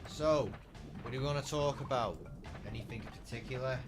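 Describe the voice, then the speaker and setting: Over music, a man speaks a little fast in a medium pitch as he plays a game on a live stream. It's casual, crude, meandering chat aimed at his viewers.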